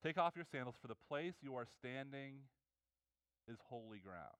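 A man's voice: mid-range voice, expressive, normal speed, clear, resonant tone, no echo. A man preaching a conversational sermon, earnest and personal, often restarting his words. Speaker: pastor.

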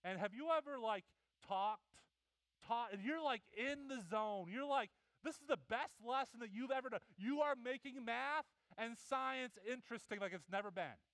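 A middle-aged man preaching a sermon, telling animated family stories and acting out the voices of his kids and wife. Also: very high voice, normal speed, no echo, poor audio. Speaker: pastor.

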